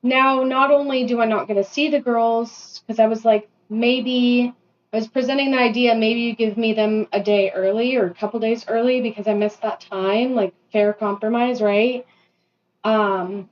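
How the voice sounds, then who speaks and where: A woman in her thirties rants through a casual vlog while doing her makeup at home. Her voice sits at a middle pitch, and she breaks off into quick self-deprecating asides. The recording sounds a little dull and lo-fi. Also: fairly even intonation. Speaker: vlogger. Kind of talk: casual venting monologue. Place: bathroom at home.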